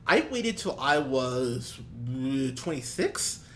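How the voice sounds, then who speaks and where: A man co-hosting a movie review podcast in casual chat, animated, swinging between loud and soft and laughing often. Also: mid-range voice, slow, a little hiss or hum. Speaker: podcast co-host.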